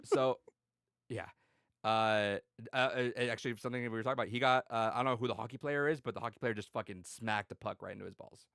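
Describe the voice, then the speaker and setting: Quick gravelly dude rambling and cussing, dry close sound. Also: male voice, medium pitch, fairly bright tone, dry recording. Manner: rambling, swearing, many restarts. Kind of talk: casual chat.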